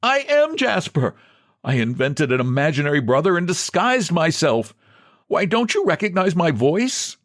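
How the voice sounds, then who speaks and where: A man's voice: big pitch swings, moderate pace, a bit bright. A man voicing a broken middle-aged clerk who pleads pitifully to be believed. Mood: pleading. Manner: pitiful, high and begging.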